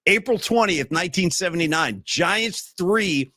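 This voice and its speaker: A man in his fifties from Northern California, hosting a livestream podcast and chatting in an excitable, rambling, slangy way over a streaming call mic. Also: high-pitched, normal speed, hardly any pauses, dry recording, clean studio sound. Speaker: podcast host. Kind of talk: casual livestream chat.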